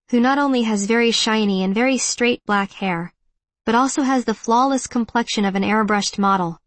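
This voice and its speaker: A woman narrates a first-person audiobook, reflective and measured in her delivery. Her voice sits mid-range, recorded dry and close with no room echo. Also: medium pitch.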